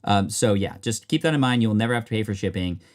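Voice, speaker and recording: An American man streams live while opening card packs, chatting casually and upbeat as he reads out his chat. His voice is lowish, expressive and fast.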